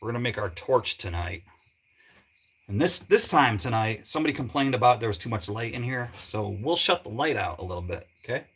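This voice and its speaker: A man's voice: mid-range voice, lively intonation, a little fast, a bit bright, slightly rough. A man hosting a live stream while working on his truck. He chats with viewers in a rambling way, with lots of fillers. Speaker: livestream host working on a truck. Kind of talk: casual live-stream chat.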